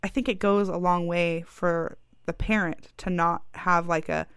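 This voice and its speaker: A woman's voice: on the low side, steady tone, unhurried, fairly bright tone, clean tone, dry recording. A woman in casual chat, talking loosely with lots of "like" and supportive replies. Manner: chatty, uses "like" a lot, supportive back-and-forth.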